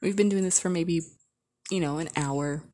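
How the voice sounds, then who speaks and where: A woman's voice: on the low side, normal speed, mellow. A woman vlogger telling a casual storytime, chatty and rambling with lots of filler words.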